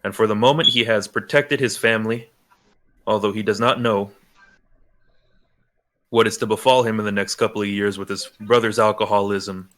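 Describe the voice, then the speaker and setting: A man narrating as game master in a tabletop role-playing game, halting with many restarts. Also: fairly low pitch, fairly even intonation, fairly bright tone.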